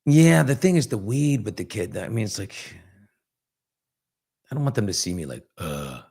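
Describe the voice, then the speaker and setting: A man's voice: lowish voice, very animated, moderate pace, creaky, warm tone, breathy edge. A man in his fifties hosting a casual live chat, reading viewer comments and telling candid, rambling stories. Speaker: host.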